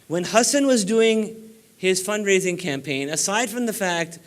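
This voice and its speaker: Higher-pitched man giving an emphatic keynote. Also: animated, a little slow. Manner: emphatic, exhorting the audience. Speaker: keynote speaker. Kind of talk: banquet keynote speech. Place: banquet room before about four hundred people.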